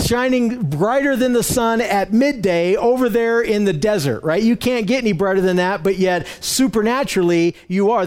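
A man with a notably high voice leads a Bible lesson, going through the passage verse by verse. His delivery is conversational rather than polished, full of fillers and restarts as he works out his explanations. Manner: explains word by word, using slides. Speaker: Bible teacher.

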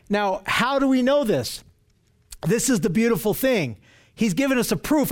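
Man with a high voice, pastor teaching scripture, earnest, rhetorical questions. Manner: earnest, asks rhetorical questions, repeats "right?". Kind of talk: expository Bible teaching sermon.

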